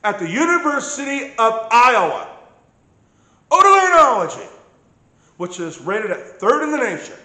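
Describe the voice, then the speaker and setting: Emphatic high-voiced man in an echoey room. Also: very animated, moderate pace, pauses often, bright, forceful tone. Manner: emphatic, keeps checking in with "okay?". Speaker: patient recounting his medical ordeal. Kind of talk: casual personal account.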